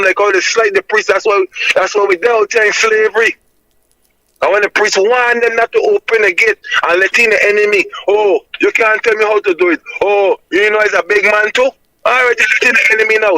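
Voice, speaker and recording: A Jamaican man with a high, bright, forceful voice reasons like a preacher, driving each point home with insistent emphasis. The sound is dry and close, with no room around him. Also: no room sound, poor audio. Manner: emphatic and insistent, repeating "my lad" as a tag.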